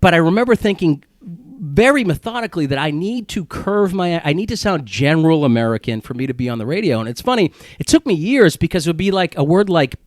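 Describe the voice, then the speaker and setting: A man's voice: fairly high pitch, sing-song, fast, dry recording, studio quality. A man from Woburn, Massachusetts, hosting a casual podcast chat, joking and laughing with his guest. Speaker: podcast host.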